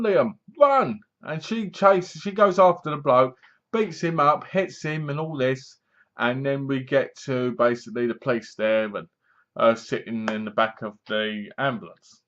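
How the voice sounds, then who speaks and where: Sarcastic guy chatting through a review, bit high-pitched, muffled cheap sound. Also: unhurried, a bit bright. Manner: chatty, sarcastic, acts out lines in funny voices. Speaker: film reviewer. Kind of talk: casual spoken review. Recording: dull lo-fi sound.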